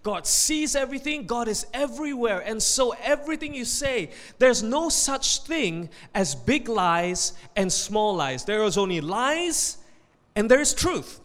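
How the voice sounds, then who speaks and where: Male pastor, high voice, emphatic sermon delivery, reverberant hall. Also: animated, unhurried, fairly bright tone. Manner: emphatic, rising on key points, tells jokes.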